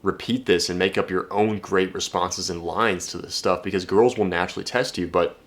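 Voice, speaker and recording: Low-voiced, blunt young dating coach. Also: male voice, a little fast. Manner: energetic, blunt, swears freely, frequent restarts. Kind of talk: casual direct-to-camera talk.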